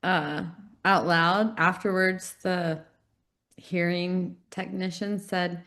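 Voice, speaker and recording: A middle-aged woman co-hosting a podcast, telling animated stories in casual chat and laughing often. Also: lowish voice, slow pace. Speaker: podcast co-host.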